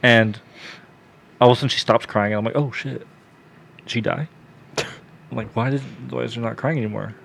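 A man's voice: mid-range voice, fairly even intonation, normal speed, vocal fry, pauses often, a bit bright, a little hiss or hum. A man telling a story on a casual podcast, swearing often, laughing, and acting out what people said to him. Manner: profane, laughing, quotes himself and others.

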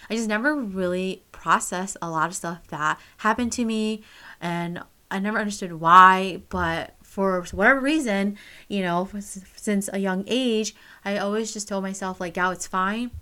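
A woman's voice: mid-range voice, moderate pace, pushed and bright, smooth. A young woman telling a personal story straight to camera, candid and casual, swearing freely and full of fillers. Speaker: vlogger.

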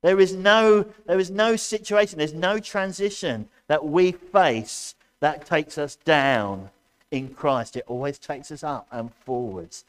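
A man preaching a sermon as pastor to his church, loud and impassioned, asking his congregation questions as he goes. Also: fairly high pitch, slow. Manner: addresses congregation directly, asks questions.

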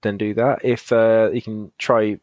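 A man's voice: on the low side, flat delivery, unhurried, a little mellow, dry recording. British guy hosting, jokey, reads the gamebook out, dry close sound. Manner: playful, jokey. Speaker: host and game reader. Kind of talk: casual podcast chat and read-aloud narration.

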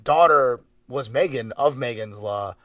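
A man's voice: medium pitch, unhurried, fairly bright tone, dry recording. A man co-hosting a podcast, chatting casually with rambling, hesitant asides. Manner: rambling, hesitant, many fillers. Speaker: podcast co-host. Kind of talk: casual chat.

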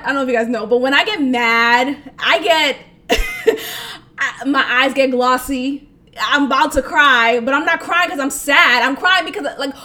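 A young woman hosts her own podcast and tells a personal story in a loose, animated way. Her voice sits high and sounds bright and sharp. She gets emotional, laughs often and swears freely. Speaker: podcast host. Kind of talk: casual storytelling monologue.

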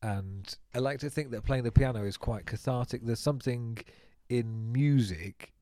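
Dry-humoured man, mellow voice. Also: medium pitch, moderate pace, no room sound. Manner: dry, jokey delivery. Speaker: podcast co-host. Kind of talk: casual chat.

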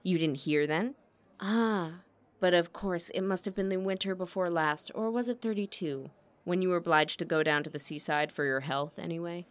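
A woman's voice: lowish voice, moderate pace, natural voice. A woman voicing a sly, gossipy male opera manager who needles his rival with false innocence.

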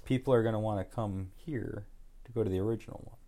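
A man's voice: fairly low pitch, fast talker, warm tone. A man chatting casually and making dry, joking asides. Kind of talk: casual chat.

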